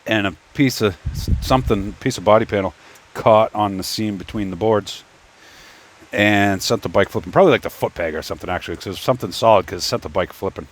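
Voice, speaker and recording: Man, lowish voice, rambling workbench chat, stop-start, mutters to himself while assembling parts. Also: fast talker. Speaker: 3D printing YouTuber. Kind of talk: casual workbench storytelling. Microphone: phone.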